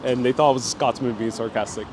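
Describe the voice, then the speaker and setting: A man's voice: medium pitch, fairly even intonation, fast. A man with an American accent, hosting a live walking vlog outdoors and chatting while he reads out viewer comments. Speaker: travel vlogger. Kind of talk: live-stream walking vlog, reading chat. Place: outdoors on a city street. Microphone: handheld phone. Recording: noisy street.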